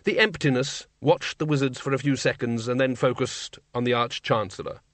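Male audiobook narrator, mid pitch, measured and wry, dry close studio read. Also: fairly bright tone, no echo.

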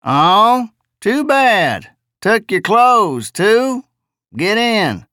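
A man's voice: sits high, very animated, extremely slow, bright, forceful tone, no echo, studio quality, voice pushed up, full character voice. A man voicing a careless male backwater driver with a lazy drawl and an offhand way of talking. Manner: offhand, casual.

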